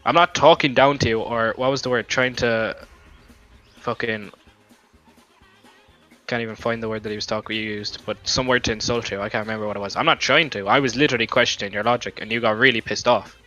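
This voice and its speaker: A young man argues over a gaming voice chat, talking in long, rambling runs and swearing freely. His voice is bright and sharp. The lo-fi headset sound has some faint music behind it. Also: medium pitch, fairly even intonation, fairly quick. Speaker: gamer in voice chat. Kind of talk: heated voice chat argument.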